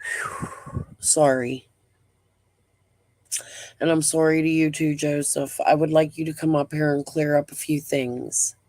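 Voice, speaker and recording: A woman's voice: low-pitched, steady tone, unhurried, long pauses, darkish tone, dry recording. A middle-aged woman hosting a casual live stream. She talks bluntly, rambles, swears freely and breathes heavily.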